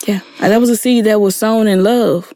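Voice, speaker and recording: A woman's voice: mid-range voice, fairly even intonation, a little fast, warm tone, no room sound, studio quality. A middle-aged woman, telling her personal story with earnest feeling and acting out the people she quotes. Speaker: guest sharing her story. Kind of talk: emotional personal testimony.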